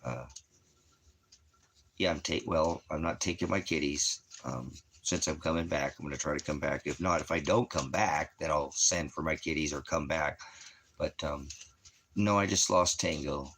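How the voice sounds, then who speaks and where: A man talking casually at home in a rambling, halting way that trails off. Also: very deep voice, vocal fry, a bit bright, a little hiss or hum. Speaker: vlogger. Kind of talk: casual personal talk to camera. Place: at home indoors.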